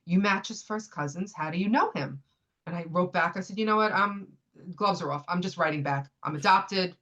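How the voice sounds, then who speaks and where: A woman's voice: lowish voice, lo-fi sound. A woman in her fifties, a podcast guest from the United States, telling a personal story in casual conversation. She tells it with energy and acts out the lines of the people in it. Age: 50s. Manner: animated retelling, acts out what others said.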